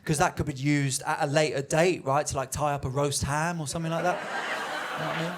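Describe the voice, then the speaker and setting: A man's voice: fairly high pitch, fairly even intonation, brisk, very noisy. A young man performing a stand-up comedy set, telling a story and acting out the voices of the people in it. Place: comedy venue on stage.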